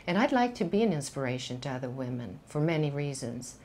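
An older woman with a Swedish accent and a notably low voice speaks as a guest in a candid studio interview. Her English is reflective and unhurried, with frequent pauses and fillers. A faint hiss sits under her voice. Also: sing-song, darkish tone. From Sweden. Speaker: actress guest.

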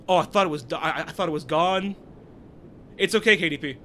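Excitable, swearing gamer commentator. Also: male voice, high-pitched, brisk, pauses often, slight background noise. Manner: excitable, swears, bursts out loudly. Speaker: gaming video creator. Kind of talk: let's play commentary.

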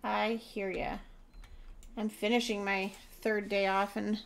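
Tired, chatty woman with gravelly voice. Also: mid-range voice, little pitch movement, takes it slowly. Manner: chatty, talks to chat viewers. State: tired, yawning. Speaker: gaming streamer. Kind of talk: casual gameplay commentary.

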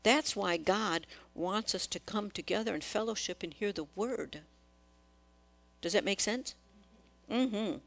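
A woman's voice: mid-range voice, a little slow, gravelly, pauses often. A woman preaching a sermon in a church, asking the congregation questions and acting out quotes.

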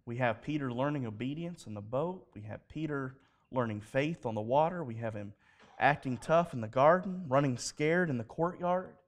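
A man preaching a sermon at a live church service, telling stories in an animated way and acting out the dialogue. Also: mid-range voice, normal speed. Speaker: pastor.

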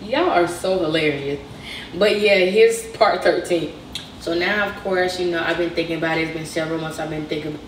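A woman's voice: on the low side, normal speed, distant mic, slight background noise. Young Southern woman telling a story. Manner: conversational, retells dialogue. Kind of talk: storytime narration. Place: played clip inside a reaction video. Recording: echoey clip heard from afar.

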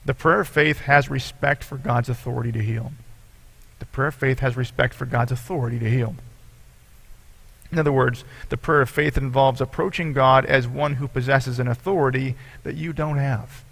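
A man with a gravelly, creaky voice preaching to his congregation. He reads scripture aloud and explains it earnestly, as a pastor would. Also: medium pitch, fairly even intonation, normal speed, a bit bright. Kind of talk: sermon.

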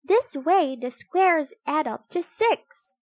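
A woman voicing a clever, self-assured young girl in a storybook, confident and a bit louder. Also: high voice, lively intonation, takes it slowly, dry recording, pitched above the performer's own voice.

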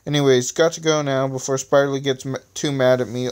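A man's voice: mid-range voice, fairly even intonation, brisk, few pauses, smooth. A man reading his own story aloud, stumbling and restarting often and adding self-mocking asides. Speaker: reader of his own stories. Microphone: phone screen recorder.

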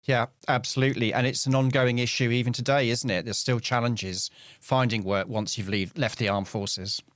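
A man from the South Coast of England co-hosting a podcast, his mid-pitched voice recorded close and dry. He is brisk and keeps the conversation moving, pulling his partner back when they drift. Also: fairly even intonation, a bit bright, no echo. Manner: brisk, keeps the talk on track. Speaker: podcast co-host. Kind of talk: casual podcast chat.

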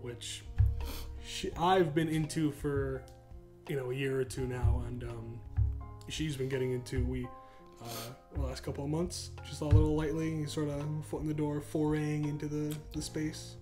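A young American man co-hosting a podcast, talking casually in a rambling, relaxed way with his girlfriend. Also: fairly high pitch, moderate pace, music in the background. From United States. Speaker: podcast co-host. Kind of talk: casual chat.

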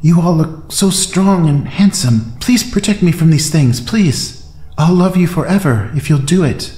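A woman's voice: low voice, lively intonation, measured pace, mellow, pitched above the performer's own voice. A man voicing a frightened, seductive heretic woman who begs in a quivering voice. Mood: pleading, purring. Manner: quivering, begging, almost purring. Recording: roomy echo, faint music bed.

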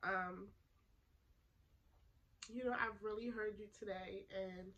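A woman playing an emotional young woman making up with her twin, soft-spoken and hesitant with sighs, in a class role-play. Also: medium pitch, steady tone, slow pace, low-quality recording. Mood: tearful.

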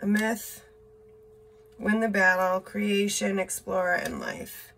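A woman's voice: medium pitch, little pitch movement, slow, vocal fry, fairly bright tone, a little hiss or hum. A woman doing a casual tarot reading, reading card words aloud in short bursts, blunt and swearing now and then. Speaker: tarot reader.

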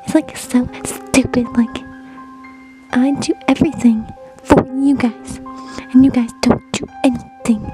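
A woman's voice: high-pitched, fairly even intonation, unhurried, music in the background, rough recording. A young woman voicing a moody female pet who snaps suddenly, in an amateur toy-pet short film, talking with lots of "like" fillers. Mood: irritated. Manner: valley-girl filler-heavy talk. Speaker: fan film voice actor.

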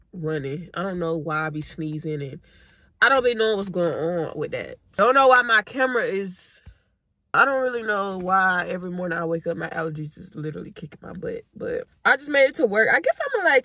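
A woman's voice: mid-range voice, a bit bright. A woman in her twenties talking casually to her viewers in a chatty, slangy vlog, speaking into a phone camera. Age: 20s. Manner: chatty and slangy, addresses viewers as y'all and baby. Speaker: vlogger. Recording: noisy phone vlog audio.

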